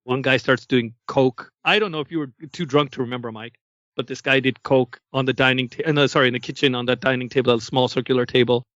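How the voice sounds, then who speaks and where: A man from Canada co-hosting a podcast, telling a story casually and acting out the quotes with lively energy. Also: mid-range voice, fast, dry recording, dull audio. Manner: animated storyteller who acts out quotes. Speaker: podcast co-host.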